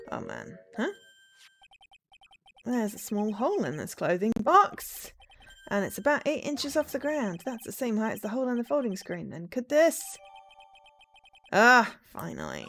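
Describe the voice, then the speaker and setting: A woman streaming a game, reading its dialogue aloud and chatting along in an animated way. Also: medium pitch, vocal fry.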